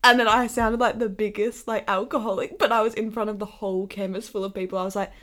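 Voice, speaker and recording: A woman co-hosting a podcast, telling stories in a giggly, animated way. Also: medium pitch, quick pace. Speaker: podcast co-host. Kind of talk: casual chat.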